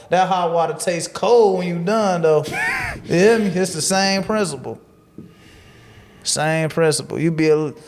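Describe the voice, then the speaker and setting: A man's voice: on the high side, darkish tone. Preachy, motivational man. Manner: preachy and motivational, repeats phrases for emphasis. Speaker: guest. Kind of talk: casual podcast interview.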